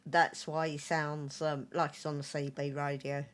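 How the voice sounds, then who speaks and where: A woman's voice: sits low, flat delivery, normal speed. A woman co-hosting a casual podcast, easygoing and chatty. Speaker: podcast co-host. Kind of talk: casual chat.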